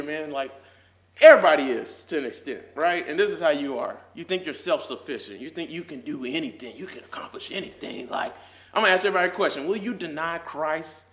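A young man teaching a casual Sunday school Bible lesson, talking in slang with lots of "like"s and growing fervent as he goes. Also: a little high. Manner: fervent, builds to near shouting, laughs often; casual slangy talk with many "like"s. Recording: echoey room.

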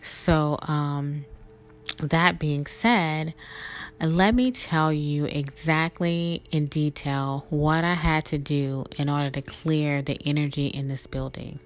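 A woman's voice: sits low, steady tone, takes it slowly. A young woman hosting a podcast, telling a spiritual story in a chatty, emotional way with laughs and fillers. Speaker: podcast host.

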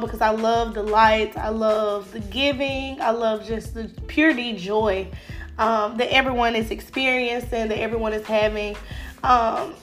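A woman talks through a faith-based motivational podcast, her fairly high voice stuffy from a cold. She speaks casually and encouragingly, leaning on fillers. Faint music plays underneath. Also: a bit bright. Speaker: podcast host.

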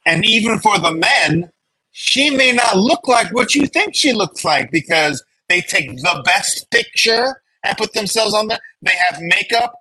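A man co-hosting a casual chat, animated and acting out the people he quotes. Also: high voice, a little slow, husky, no echo, poor audio. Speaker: podcast co-host.

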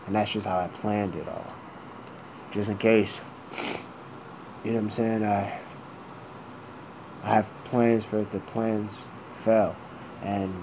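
A man's voice: fairly low pitch, background noise. A man talking casually to the camera, meandering and thinking aloud, with some swearing. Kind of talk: casual rambling vlog.

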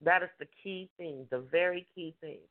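A woman's voice: fairly low pitch, moderate pace. Emphatic woman life coach over a phone line. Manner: emphatic, repetitive preaching with acted-out mimicry. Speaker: life coach and call-in show host. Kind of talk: call-in advice talk. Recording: tinny phone-line sound.

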